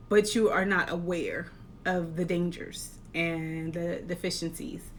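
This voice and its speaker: A woman life coach giving an earnest, encouraging talk, posing rhetorical questions with measured, deliberate delivery. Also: mid-range voice, a bit bright, a little hiss or hum. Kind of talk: motivational talk to camera.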